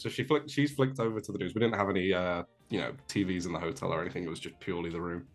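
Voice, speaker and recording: A man's voice: low voice, steady tone, quick pace, hardly any pauses. A young English man, a guest on a remote call, telling a self-deprecating story in a rambling way, with many fillers and restarts. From England. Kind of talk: casual storytelling.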